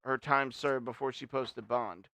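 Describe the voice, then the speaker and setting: A man's voice: medium pitch, steady tone, unhurried, gravelly, pushed and bright. A man hosting a casual live stream, crude and joking, telling gossip and pushing a guest to talk into the mic. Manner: crude, joking, bossy about mic setup. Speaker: stream host. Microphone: headphones and shared microphone.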